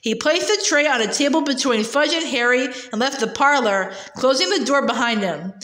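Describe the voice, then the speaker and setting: A woman with a high voice reads a storybook aloud, steady and expressive. The sound is roomy, with a clear echo around her. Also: normal speed. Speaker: reader.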